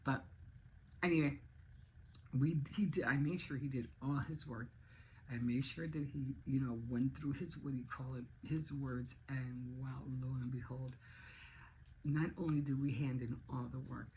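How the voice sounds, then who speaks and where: A woman's voice: very deep voice, steady tone, normal speed, a little mellow, slight background noise, low-quality recording. A woman in her sixties chatting casually in a vlog, rambling along with many restarts. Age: 60s. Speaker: vlogger. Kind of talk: casual chat.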